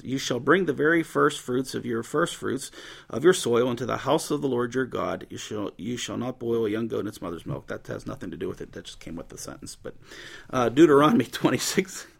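A man reading scripture aloud and explaining it in a relaxed, conversational way, with frequent pauses and "uh" between passages. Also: medium pitch, creaky, breathy edge. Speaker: Bible teacher.

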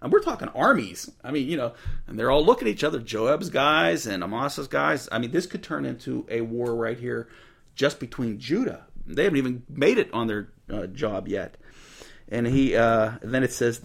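Guy teaching a bible story, folksy and chatty, gravelly voice that jumps around a lot. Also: medium pitch, moderate pace. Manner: folksy, animated retelling with asides.

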